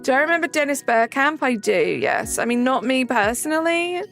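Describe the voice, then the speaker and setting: Woman, young adult, live streamer, chatty, raspy low fry. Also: expressive, moderate pace, fairly bright tone, soft background music. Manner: chatty, reads and answers chat messages aloud. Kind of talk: casual live-stream chat.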